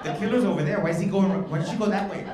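Loud, profane comedian in a club. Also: male voice, high-pitched, racing. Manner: loud, profane, teasing the audience. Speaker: stand-up comedian. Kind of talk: crowd work. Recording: echoey live club with crowd noise. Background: audience laughter and bar chatter.

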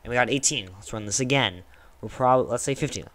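A young man casually teaching a coding lesson over a screen recording, thinking aloud with fillers and quick self-corrections. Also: medium pitch, fairly bright tone.

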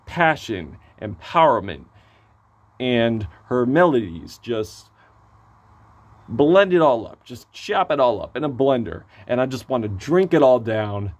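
A man with a hoarse voice giving a casual, excitable album review, gushing and swearing freely. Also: mid-range voice, measured pace.

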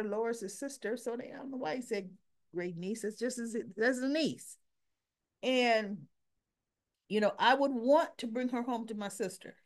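A middle-aged woman casually recapping a soap opera episode, retelling the scenes through quoted dialogue and blunt asides. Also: a little high.

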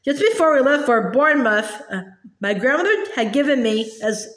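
A woman reads a children's novel aloud in a high voice. She stumbles and restarts often, repeating words. The recording has a roomy echo. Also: lively intonation, normal speed, a bit bright. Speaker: storybook reader.

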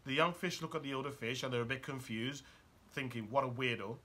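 A man's voice: medium pitch, a little fast, pushed and bright. A man giving a motivational talk. He speaks urgently and keeps asking the listener probing rhetorical questions.

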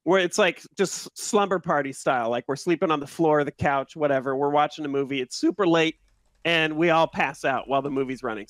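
A man's voice: on the high side, no room sound, studio quality. A young man, the channel host, telling a story in casual chat with friends. He acts out the scenes as he goes. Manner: animated, acts out screams while telling a story.

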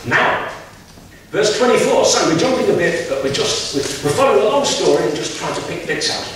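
A man's voice: high-pitched, lively intonation, fairly quick, a bit bright. A man preaching a sermon in a chatty, folksy storytelling way with homely asides. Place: church hall. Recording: echoey hall, mic at distance, faint noise.

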